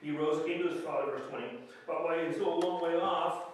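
A male pastor delivering a sermon with a somewhat raised voice, moving from lively emphatic bursts down to soft asides. He is picked up from a distance in a very reverberant church sanctuary, and a faint hiss sits under his voice. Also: fairly high pitch, quick pace. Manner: conversational, animated, with bursts of emphasis and quiet asides. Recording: echoey church hall mic from a distance.

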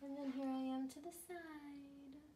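A woman's voice: fairly even intonation, unhurried, mellow, slight background noise. A pregnant young woman in her twenties, chatting casually in a vlog update. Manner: chatty, talks baby-talk to her cat in a high sing-song voice. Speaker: vlogger.

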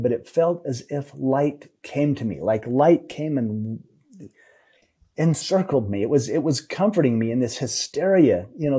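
A middle-aged man, a podcast guest, telling an emotional personal story in a halting way, often repeating words. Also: medium pitch, dark tone, husky.

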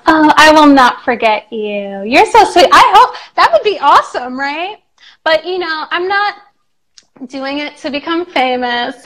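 Woman, young, English teacher, casual live-stream chat, affectionate, playful, high-pitched, slow-paced. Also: fairly bright tone, low-quality recording. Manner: chatty, affectionate, breaks into playful singing.

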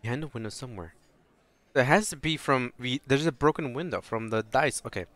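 A man's voice: medium pitch, brisk, no room sound. A man playing through a story game, reading its dialogue aloud and swearing as he reacts. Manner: swears freely, reacts loudly, reads dialogue in a flat voice. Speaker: let's play host reading game text aloud. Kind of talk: casual gameplay commentary with read-aloud dialogue.

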